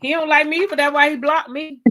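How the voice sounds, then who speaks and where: A sassy woman host with a bright, forward voice leads the casual chat. She banters playfully with her co-hosts. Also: sits high, fairly even intonation, a little fast, slight background noise. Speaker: talk show host.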